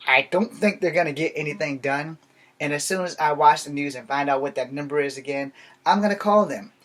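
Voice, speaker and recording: A man's voice: on the high side, fairly quick, fairly bright tone. A man from Virginia talking straight to his viewers in a rambling, profane rant, blunt and heated. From Virginia, USA. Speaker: vlogger. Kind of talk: casual ranting monologue.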